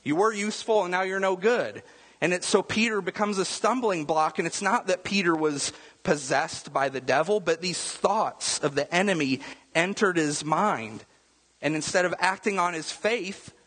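A pastor with a slightly high, husky voice preaching in a relaxed, conversational way. He keeps tossing rhetorical questions at the congregation, and his words ring out through a long, echoing hall. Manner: casual, rhetorical asides with frequent "right?". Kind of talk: conversational sermon.

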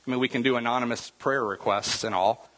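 A man's voice: medium pitch, steady tone, brisk, fairly bright tone, in a large hall. A man preaching a sermon as pastor, in a conversational way, often checking in with the congregation by asking "right?". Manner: casual, rhetorical asides with frequent "right?".

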